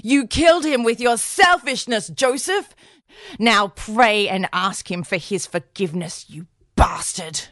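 A woman's voice: mid-range voice, unhurried, a bit bright, dry recording, voice pushed up, natural voice. Brief: a woman playing a drunk, spiteful mother, slurring and berating, dry close sound. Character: drunken cruel mother berating her son.

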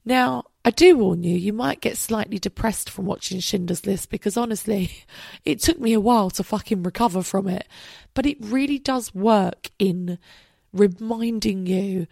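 Tired, gravelly-voiced woman podcasting. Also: medium pitch, moderate pace, a little mellow, no room sound, studio quality. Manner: candid and chatty, swears freely. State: tired, voice worn out late at night. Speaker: podcast host. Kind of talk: casual solo podcast monologue.

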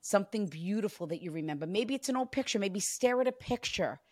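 Woman medium, earnest, goes hushed on messages; mid pitch, dry close sound. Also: animated, fairly quick, dry recording. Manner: earnest, relays messages in soft hushed passages. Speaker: psychic medium. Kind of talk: spirit reading session.

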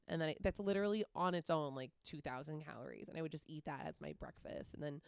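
A young woman hosts a loose, casual chat, gushing and leaning on "like." Her voice sits a little low with a gravelly fry. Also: lively intonation, quick pace, hardly any pauses, no room sound, studio quality. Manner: gushing, says "like" a lot.

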